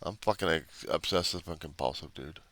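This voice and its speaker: A man with a rumbling low voice speaks fairly quickly, his tone a bit bright, with no echo. In an unscripted confessional monologue to his camera, this recovery video diarist is blunt and profane. He rambles and keeps questioning himself.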